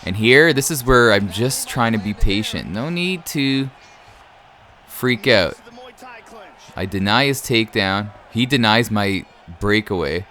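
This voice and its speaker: A man's voice: on the low side, expressive, a little slow, a bit bright. Laid-back man giving fight game commentary. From Canada. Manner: laid-back, laughs often, says "man" a lot. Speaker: gaming YouTuber. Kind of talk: casual gameplay commentary.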